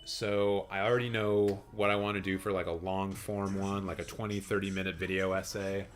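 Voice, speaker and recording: Man, low, raspy and hoarse, casual rambling live-stream host, good mic. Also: little pitch movement, moderate pace. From Canada. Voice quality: deep and raspy. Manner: chatty, rambling, with fillers and restarts. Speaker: film channel live streamer. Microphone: good studio mic.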